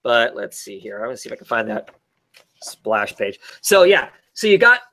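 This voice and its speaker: A man's voice: mid-range voice, sing-song, moderate pace, bright, forceful tone. A man casually reviewing comic books in a rambling, enthusiastic way, full of restarts and fillers.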